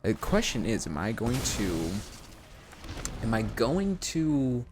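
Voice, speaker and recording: A man streaming a card game, giving live gameplay commentary while talking to his chat in a self-mocking, animated way. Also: mid-range voice, slow, slight background noise.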